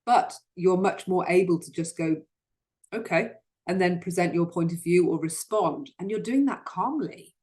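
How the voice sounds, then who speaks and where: A woman's voice: lowish voice, moderate pace, hardly any pauses, a little mellow. A woman hosting a solo self-help talk, speaking earnestly and often repeating words as she starts a sentence. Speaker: host.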